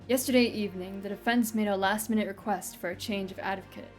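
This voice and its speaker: A woman reading a formal male judge in a courtroom game, measured and commanding. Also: mid-range voice, steady tone, faint music behind, lightly acted.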